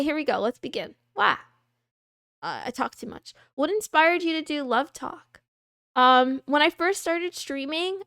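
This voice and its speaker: A young woman hosting a casual livestream, chatting and answering viewer questions in a soft, rambling, self-deprecating way. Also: sits high, vocal fry, no echo, studio quality.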